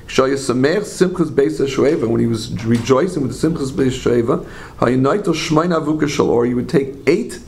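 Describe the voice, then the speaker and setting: A man teaching a religious class, an animated storyteller who asks rhetorical questions, makes asides to his listeners, and often corrects himself mid-phrase. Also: fairly high pitch. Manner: frequent self-corrections and trailing phrases. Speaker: Torah teacher.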